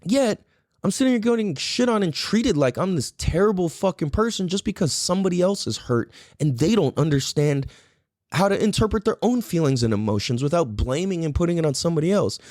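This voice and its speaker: A man's voice: fairly high pitch, animated, a little fast, a little mellow, no echo, studio quality. A male podcast host delivering a heated solo rant, blunt and profane, lecturing the listener with commands and rhetorical questions. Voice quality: profane, blunt, repetitive emphatic phrasing.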